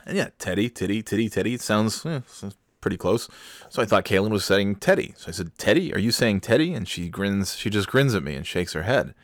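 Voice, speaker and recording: Deep-voiced dad telling a funny story. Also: male voice, dry recording, clean studio sound. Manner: animated, laughing, with quick restarts. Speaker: father telling a family story. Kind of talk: casual storytelling.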